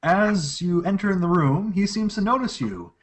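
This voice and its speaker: A man narrates a tabletop game as its game master, his voice pitched a little high and moving up and down a lot. He describes the scene at length and often stumbles and restarts mid-sentence. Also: animated, normal speed.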